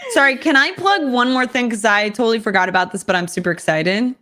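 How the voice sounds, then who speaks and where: A woman's voice: on the high side, animated, quick pace, pushed and bright. A woman chatting casually as a guest player, bubbly and rambling and laughing often. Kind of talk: casual chat.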